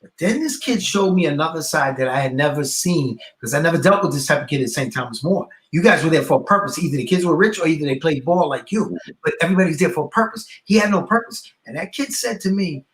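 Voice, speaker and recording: A man telling a story as a guest educator, acting out the people in it with loud bursts. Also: on the high side, lively intonation, fast talker, few pauses, reverberant. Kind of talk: storytelling in a podcast conversation.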